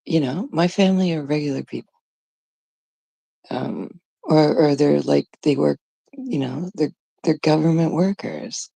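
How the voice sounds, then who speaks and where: A woman's voice: low voice, vocal fry, dark tone, slightly rough, no room sound. A middle-aged woman chatting casually with her live-stream chat, laughing often, swearing freely and greeting viewers by name. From Canada. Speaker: livestreamer.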